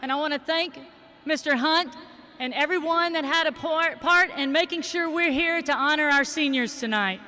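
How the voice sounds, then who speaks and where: A man's voice: very high voice, normal speed. A man giving an emotional, affectionate welcome speech to graduates in a large stadium. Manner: warm, emotional, affectionate toward students. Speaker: school administrator welcoming graduates.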